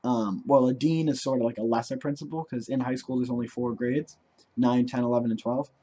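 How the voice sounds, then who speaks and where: A man's voice: medium pitch, steady tone, brisk, warm tone. Teen guy rambling thru a school story, lots of ums, muffled cheap mic. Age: teens. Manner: rambling, filler-heavy. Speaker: vlogger. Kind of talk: casual storytelling.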